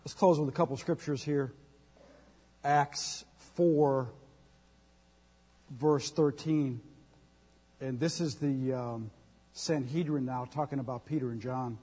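A man co-hosting a faith show who reads scripture aloud in a measured way. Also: medium pitch, mellow, husky. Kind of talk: scripture reading. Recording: distant mic in reverberant room.

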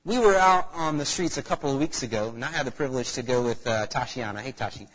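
A man's voice: medium pitch, quick pace, fairly bright tone, breathy edge. A man preaching a sermon in a church hall, asking the congregation rhetorical questions. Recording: echoey hall reverb.

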